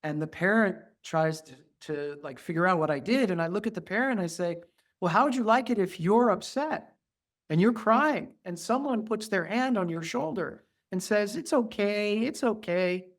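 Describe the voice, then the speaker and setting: A middle-aged man, a pediatrician guest, talking earnestly in an interview and softly acting out how he soothes children. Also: sits high, expressive, normal speed. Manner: earnest, acts out soft soothing asides to children. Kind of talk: conversational interview.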